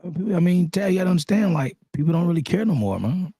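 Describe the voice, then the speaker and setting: A man's voice: high-pitched, sing-song, fast talker, warm tone, slightly rough, no room sound, clean studio sound. A man co-hosting a podcast in casual chat, blunt, slangy and profane, often cutting in. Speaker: podcast co-host.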